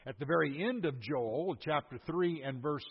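A man's voice: a little high, moderate pace. An older man preaching a sermon, explaining scripture verse by verse with emphatic asides. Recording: husky voice, dull lo-fi sound, long hall reverb.

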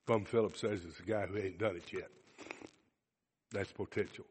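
A man's voice: low voice, moderate pace, a little hiss or hum. A man preaching a sermon to a congregation, asking them questions and acting out bits of dialogue. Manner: animated, acts out dialogue, asks the congregation questions. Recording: long hall reverb.

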